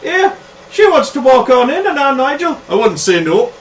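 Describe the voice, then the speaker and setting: A man's voice: very high-pitched, big pitch swings, normal speed, distant mic, slight background noise, pitched above the performer's own voice, exaggerated voice. A man voicing a brash, aggressive young local girl who mocks and picks fights. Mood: hostile.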